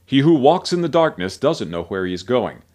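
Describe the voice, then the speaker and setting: Man reading a solemn male teacher, measured delivery, lively rise and fall. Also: mid-range voice, natural voice.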